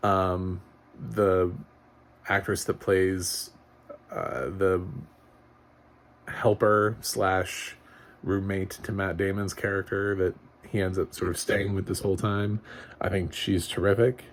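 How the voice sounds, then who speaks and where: A man's voice: sits low, level tone, takes it slowly, a little hiss or hum. A man giving a casual spoken movie review, rambling with frequent chuckles, fillers and restarts. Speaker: film reviewer.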